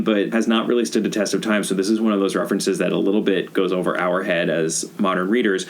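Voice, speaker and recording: A podcast co-host chatting casually and lively about a mystery author. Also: sits low, slight background noise. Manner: chatty, lively, often laughing. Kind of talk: casual chat about books.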